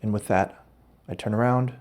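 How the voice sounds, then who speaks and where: In a lowish, steady, slightly mellow voice at normal speed, a male podcast host rambles through an absurd comedic anecdote. Self-corrections keep cutting into the story.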